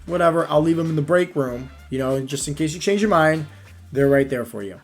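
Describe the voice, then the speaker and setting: A man quoting a chirpy, pushy female coworker who is friendly and coaxing. She speaks in a breezy, slightly high voice. Soft music sits faintly behind her. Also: animated, brisk.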